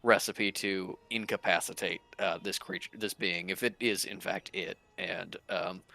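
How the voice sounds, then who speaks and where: Bright-voiced man running a tabletop game. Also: sits low, steady tone, gravelly. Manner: rambling, laughing, quick paraphrased voices for characters. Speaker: game master.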